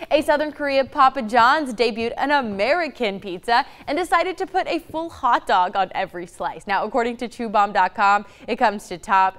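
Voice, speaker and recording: A woman's voice: on the high side, a bit bright. A woman anchoring a morning news show, chatty and upbeat between stories. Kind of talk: morning news, casual chat.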